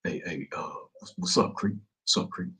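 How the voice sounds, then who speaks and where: Man doing a nervous inmate, low and quiet, husky, stammering, mumbling. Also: animated, fairly quick, rough recording. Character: nervous, evasive male inmate clerk.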